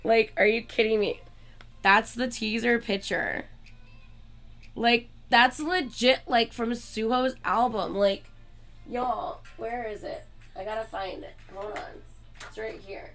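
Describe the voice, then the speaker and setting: A woman hosting her channel in a casual chat with viewers, excitable and gushing like a fan, swearing often and filling her talk with "like.". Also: on the high side, slow, faint music behind. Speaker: channel host chatting with viewers.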